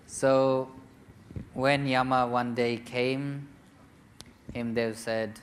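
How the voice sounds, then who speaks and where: A man, a spiritual teacher, telling a story to a young seminar group in a lively, joking manner. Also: medium pitch, measured pace, a little hiss or hum. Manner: lively, chatty, jokes and acts out quotes.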